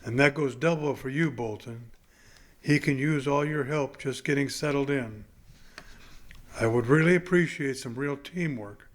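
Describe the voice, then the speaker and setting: A man's voice: medium pitch, a little slow, close to an everyday voice. A man voicing a commanding male baseball manager who raises his voice to address his players. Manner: loud, bossy.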